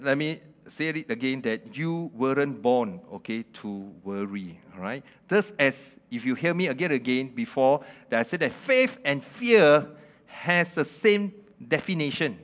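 A male preacher giving a lively sermon. He keeps asking the audience questions, laughs often and speaks in simple, broken grammar. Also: mid-range voice.

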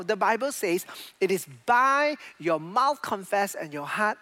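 High-voiced man preaching a sermon. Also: a little slow. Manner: animated preaching with non-native English grammar. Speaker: pastor.

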